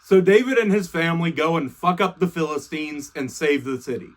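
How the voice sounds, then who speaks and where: A man's voice: a little high, a little fast. Young man retelling a story, slangy and profane. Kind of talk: casual comedic retelling.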